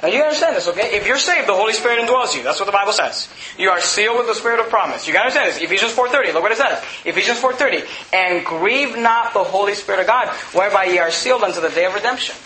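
A man's voice: high voice, animated, rapid-fire, pushed and bright, roomy sound, slight background noise, low-quality recording. A man preaching a sermon as pastor of his church, impassioned and repeating phrases as he builds his points.

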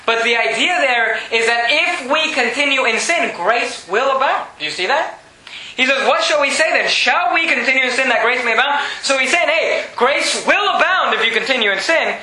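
A man preaching a sermon, reading scripture slowly and swinging from raised, emphatic lines to low, quiet ones. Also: animated, reverberant, low-quality recording.

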